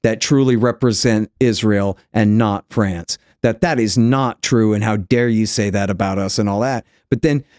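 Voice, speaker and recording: A man from the United States, a podcast guest, talking in an animated way and acting out the people he quotes. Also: lowish voice, moderate pace, hardly any pauses, dry recording, studio quality. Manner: animated storyteller, acts out quoted voices. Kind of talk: conversational interview.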